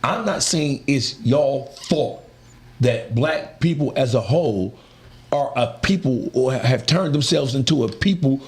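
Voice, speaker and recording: A man arguing forcefully and preachily, with profanity, on a morning talk show. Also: mid-range voice, a little slow. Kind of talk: heated casual talk show debate. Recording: echoey room.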